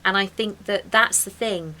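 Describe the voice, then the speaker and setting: A woman's voice: medium pitch, moderate pace, bright, forceful tone. A woman in casual chat, reflective and encouraging as she gives advice.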